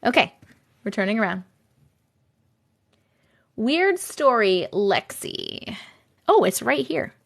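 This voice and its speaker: A woman's voice: a little high, sing-song, takes it slowly, vocal fry, long pauses, fairly bright tone. A woman with a New York accent hosting a casual livestream chat from home on a phone, giggly and playful. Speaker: livestream host.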